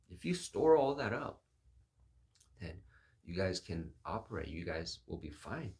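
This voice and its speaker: A man's voice: deep voice, very animated, a little slow, pauses often, darkish tone. A man giving a reflective, sermon-style talk, musing aloud and acting out quoted voices.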